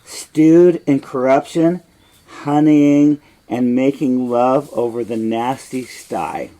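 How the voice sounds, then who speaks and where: A man's voice: mid-range voice, slow pace, warm tone, natural voice, low-quality recording. A man reading a young prince's lines, reciting the verse raised and emphatic. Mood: disgusted. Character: young prince, bitter and anguished.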